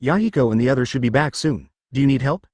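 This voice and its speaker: A man's voice: medium pitch, lively intonation, fast, no room sound, clean studio sound, close to an everyday voice. A synthetic male narrator voicing a cheerful, teasing young woman ninja medic in an audiobook. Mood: friendly.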